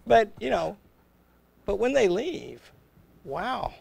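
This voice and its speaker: On a livestream, an older man who is a college president chats casually in a high-pitched, sing-song voice that is slow, gravelly and slightly rough, recorded with no room sound. He rambles as he tells stories, chuckling and acting out the voices and dialogue in his anecdotes.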